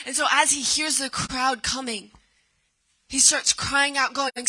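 A woman's voice: high voice, steady tone, a little slow, pushed and bright, husky, poor audio. A woman preaching a sermon, reading scripture aloud and then retelling it with dramatic cries.

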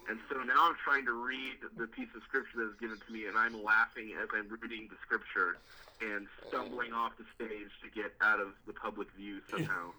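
A man's voice: lowish voice, steady tone, brisk, pushed and bright, a little hiss or hum, low-quality recording. A young man, a youth pastor, telling a story in a casual interview, rambling with repeated words and many fillers. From Indiana, US.

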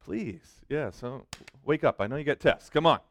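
A man's voice: medium pitch, normal speed, dry recording. Man, middle-aged, youth pastor, sermon, emphatic, storytelling, dry close sound. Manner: animated, emphatic, self-joking.

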